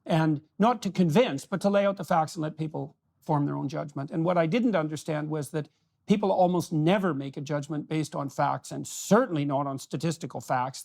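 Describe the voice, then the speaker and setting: A man's voice: fairly high pitch, vocal fry, darkish tone. An older man hosting an interview, speaking earnestly and affirming his guest often. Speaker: podcast host. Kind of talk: casual interview conversation.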